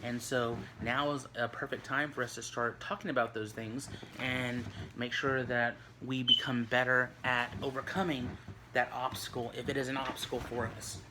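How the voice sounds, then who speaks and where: A man's voice: mid-range voice, flat delivery, moderate pace, background noise. A man teaching a recorded online lesson, talking in a loose, conversational way with lots of fillers and restarts. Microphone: recorded for an online video.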